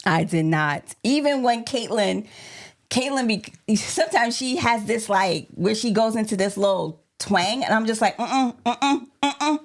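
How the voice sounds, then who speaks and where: A woman's voice: mid-range voice, lively intonation, normal speed. Playful New York woman trash-talking. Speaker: co-host. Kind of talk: casual live-stream chat.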